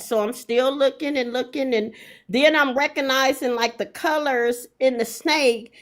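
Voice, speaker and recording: Middle-aged woman, raised pitch, animated profane storyteller who leans on emphatic repetition. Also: measured pace.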